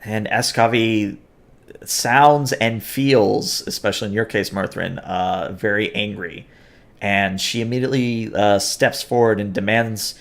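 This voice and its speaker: A man's voice: on the low side, steady tone, a little slow, vocal fry. A man narrating as game master, hesitant and full of filler sounds.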